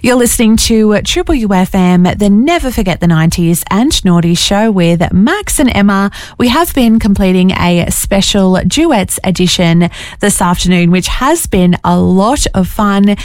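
A woman co-hosting a radio show, giving a cheery, measured sign-off. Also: mid-range voice, expressive, a little mellow, dry recording, studio quality. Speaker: radio co-host. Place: radio studio.

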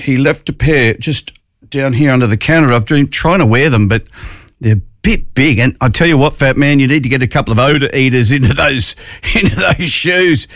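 A man's voice: mid-range voice, a bit bright, dry recording. A man with an Australian accent presenting a community radio show in chatty, jokey, upbeat talk from a studio. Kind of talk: casual radio chat.

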